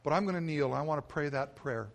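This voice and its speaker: A male pastor preaching earnestly and telling a personal story, often dropping to a soft, hushed voice and repeating himself when moved. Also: on the high side, quick pace, vocal fry. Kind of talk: sermon.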